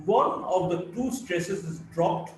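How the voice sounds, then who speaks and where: A man's voice: high-pitched, takes it slowly. A male college lecturer with an Indian English accent, reciting English words one at a time for a phonetics lesson. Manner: reads words one by one, spelling suffixes aloud. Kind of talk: slow recited word-list lesson. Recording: echoey room, mic far off, faint hiss.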